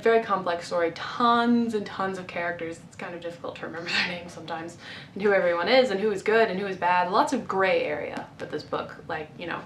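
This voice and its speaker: A woman in her twenties giving an animated, exasperated rant about books in a casual vlog, recorded on a camera mic at home. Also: medium pitch. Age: 20s. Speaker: book vlogger. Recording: echoey room, faint noise.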